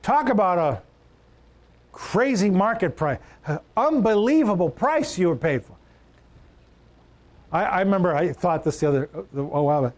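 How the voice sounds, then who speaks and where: A man preaching a sermon, emphatic, repeating key phrases and swinging his pitch for stress. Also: expressive, normal speed, long pauses. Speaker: pastor.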